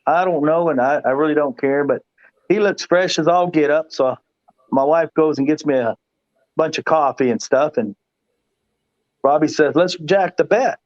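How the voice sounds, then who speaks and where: A man's voice: fairly high pitch, normal speed, no echo, muffled recording. A man, a guest pool player, telling a long story in casual chat, rambling and repeating himself with laughs.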